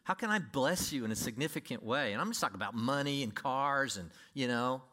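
A man preaching a sermon to his congregation, emphatic, with sudden swings between loud and quiet delivery. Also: mid-range voice, expressive, a little fast. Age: older. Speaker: pastor.

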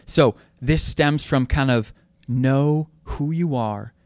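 Earnest young man, smooth dry voice. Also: medium pitch, slow, no room sound. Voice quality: relaxed, filler-heavy, earnest. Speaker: guest. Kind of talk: casual faith chat with storytelling.

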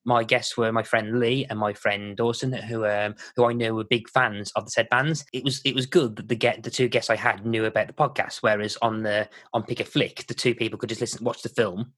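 A man's voice: lowish voice, level tone, a little fast, hardly any pauses, fairly bright tone, dry recording. Black Country man, rambling podcast chat. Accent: Black Country English. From Walsall, Black Country, England. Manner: rambling, many fillers and restarts. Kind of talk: casual chat.

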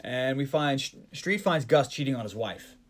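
A man's voice: medium pitch, animated, normal speed. A man hosting a podcast, recapping a movie in casual chat and joking as he tries out character voices. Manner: joking, mock-doing character voices and accents. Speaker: podcast host.

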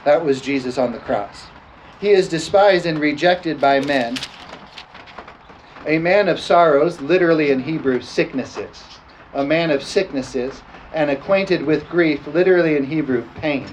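A man's voice: on the high side, a little slow, a little hiss or hum, poor audio. A man preaching a sermon and leading communion prayer, drawing out scripture words and calling for responses. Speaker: pastor.

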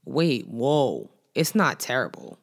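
Low-voiced woman in animated casual chat. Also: slow pace. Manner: emphatic, animated, playful debating.

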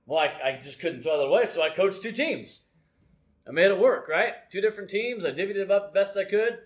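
Brisk and animated, a middle-aged man with a high-pitched voice gives a casual church sermon from the front. He tells personal stories, jokes at his own expense, and keeps tossing out "right?" to the congregation.

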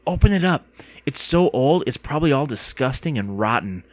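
A man reading aloud and voicing an excitable, pushy young girl in a storybook. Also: mid-range voice, normal speed, no room sound, natural voice. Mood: excited.

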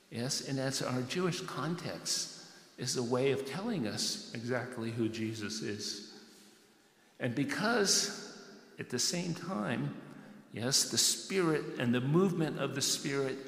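A man's voice: mid-range voice, fairly bright tone. A man preaching a sermon, emphatic, repeating words and dropping in "yes" and "right". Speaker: pastor. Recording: echoey hall, slightly distant.

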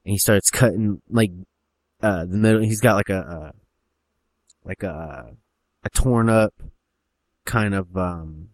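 A man casually brainstorming a story, talking in a rambling, animated, profane way. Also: low-pitched, slow, pauses often, no echo. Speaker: co-writer.

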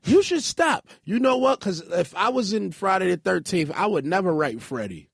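A man's voice: high-pitched, lively intonation, moderate pace, creaky, slightly rough, no echo, studio quality. A man hosting a podcast in casual chat, acting out quotes with big swings in his voice. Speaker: podcast host.

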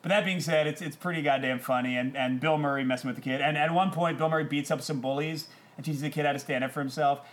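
A man's voice: on the high side, fairly even intonation, fast talker, few pauses, a bit bright. A man, a podcast guest in casual chat, giving a blunt, opinionated movie review.

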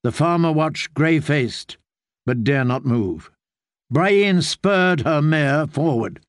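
A man reads a story aloud in a slow, measured way, his voice a little higher than most men's. He is close to the mic in a dry, quiet room. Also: expressive, no echo. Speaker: audiobook narrator. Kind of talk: audiobook reading.

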